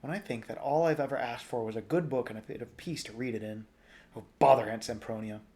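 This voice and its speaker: A man reading aloud, voicing a frightened, prim young girl in a high falsetto. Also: fast talker, darkish tone, close to an everyday voice. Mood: exasperated. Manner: shrill, high-pitched exclamations.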